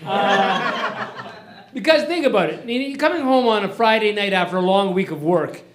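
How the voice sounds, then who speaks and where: A man's voice: sits high, animated, moderate pace, echoey room, a crowd in the background. A man trying stand-up for the first time, rambling and hesitant with many restarts. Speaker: first-time audience comic. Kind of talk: improvised stand-up. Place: comedy club stage.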